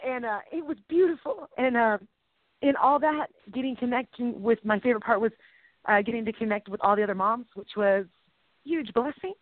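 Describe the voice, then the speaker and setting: A woman's voice: a little high, a little fast, dry recording. A middle-aged woman co-hosting a faith-based chat show, talking in an emotional, rambling way with playful sound effects. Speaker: co-host. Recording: tinny phone-like dry audio.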